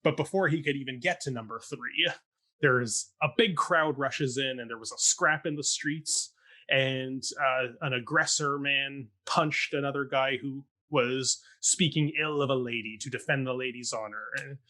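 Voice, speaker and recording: Chatty, bright-voiced young man. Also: medium pitch, moderate pace. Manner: chatty and sarcastic, mock-quoting characters with laughs. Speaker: podcast co-host recapping a stage production. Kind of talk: casual chat.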